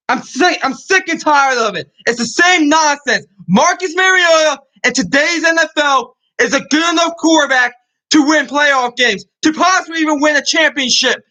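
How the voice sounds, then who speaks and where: A young man with a very high, bright, piercing voice vents on his sports channel. He rants in fury, swears freely and hammers the same complaints again and again. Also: poor audio. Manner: furious, ranting, swearing, repeats himself. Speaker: sports vlogger. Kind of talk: angry sports rant.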